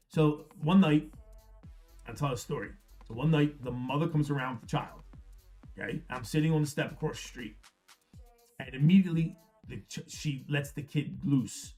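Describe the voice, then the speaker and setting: A middle-aged man with a Philadelphia accent, telling a rambling story on a livestream, swearing freely and often restarting his sentences. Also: a little high. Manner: rambling, profane, frequent restarts. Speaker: card break host. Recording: faint music behind.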